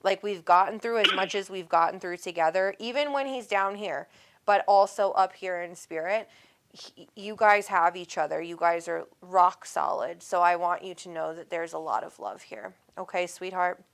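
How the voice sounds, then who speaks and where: A woman's voice: lowish voice, moderate pace, fairly bright tone. A woman hosting a live call-in psychic reading, talking in an affectionate, rambling way and calling the caller sweet names. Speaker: psychic medium host.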